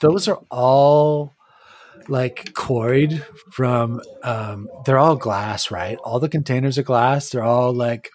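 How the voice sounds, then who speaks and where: A game master voicing a nervous, defensive hippie trader who rambles and says "like" a lot. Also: male voice, medium pitch, takes it slowly, a little mellow, lightly acted.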